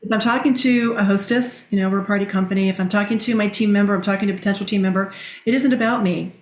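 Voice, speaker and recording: Animated middle-aged woman in a roomy space. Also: medium pitch, quick pace. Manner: animated storyteller, quotes others. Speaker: guest, direct selling leader. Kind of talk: conversational podcast interview. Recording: roomy echo.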